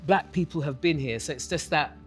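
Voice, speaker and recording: A woman's voice: deep voice, a little fast, faint music behind. A woman stage actor in a cast round-table chat, talking in an emphatic, expansive way.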